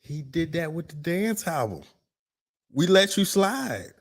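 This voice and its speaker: A man's voice: a little high, sing-song, unhurried. A man co-hosting a casual podcast chat, blunt, laughing often and swearing freely. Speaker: podcast co-host.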